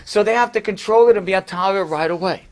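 A man's voice: high voice, fast talker. A man, a rabbi, telling a story to his class in a conversational way with casual asides.

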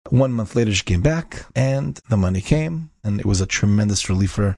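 Gravelly low-voiced man telling a story. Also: lively intonation, a little fast, few pauses, darkish tone, no echo. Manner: emphatic, repeats key phrases. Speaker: inspirational speaker. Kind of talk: inspirational storytelling talk.

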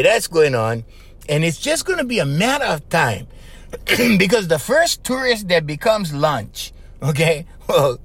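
The host of this casual solo podcast is a middle-aged Hawaiian man with a fairly high, slightly rough voice and a Hawaiian Pidgin-tinged accent. He rambles along, chuckling, and punctuates his lines with "right?" and "okay?".

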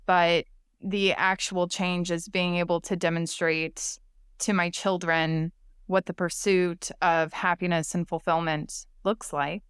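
A woman hosting a podcast, speaking in a measured, thoughtful and encouraging way. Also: fairly low pitch, little pitch movement, clear, resonant tone, dry recording, studio quality. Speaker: podcast host. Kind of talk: conversational podcast chat.

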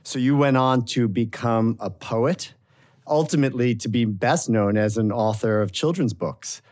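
A man hosting an interview, asking measured questions and giving brief affirmations. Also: mid-range voice, a little mellow.

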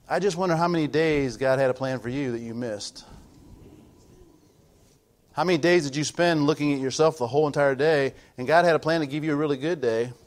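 High-voiced preaching man, emphatic and dynamic. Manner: swings from loud emphatic build-ups to low quiet asides; repetitive, rhythmic preaching with call-outs to the audience. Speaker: pastor. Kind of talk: sermon.

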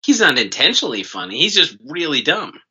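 Bright, lively podcast guy from New Jersey. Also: on the high side, a little fast, slightly rough. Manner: riffing, restarts mid-sentence. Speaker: podcast co-host. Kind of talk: casual comedic banter. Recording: dull lo-fi podcast audio.

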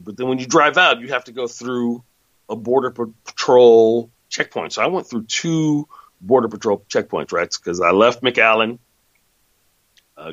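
A man's voice: lowish voice, fairly bright tone, no echo. Rambling man telling road stories, lo-fi. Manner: rambling storyteller, loose and chatty, self-correcting. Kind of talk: casual monologue. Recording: dull lo-fi sound.

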